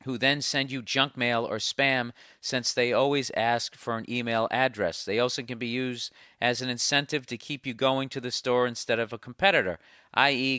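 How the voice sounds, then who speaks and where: A man's voice: medium pitch, a bit bright, clear, resonant tone, no room sound, studio quality. A man hosting a podcast, ranting sardonically and profanely while reading listener mail. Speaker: podcast host.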